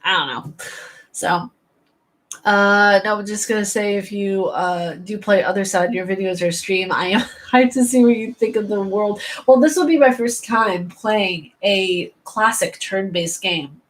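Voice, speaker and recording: A tired woman from New York hosts a casual chat in a medium-pitched, unhurried voice. She rambles and laughs often while she talks.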